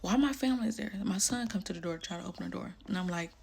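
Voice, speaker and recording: A woman's voice: fairly low pitch, quick pace, creaky, few pauses, darkish tone, a little hiss or hum. A woman telling a personal story candidly, blunt and emotional, with casual slang.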